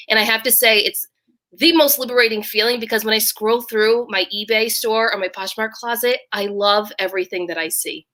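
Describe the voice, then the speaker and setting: A woman with a bright, forward voice hosts a casual live stream from home. She talks in a chatty way and greets viewers in the chat by name. She is heard through a video call mic. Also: mid-range voice. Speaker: livestream host.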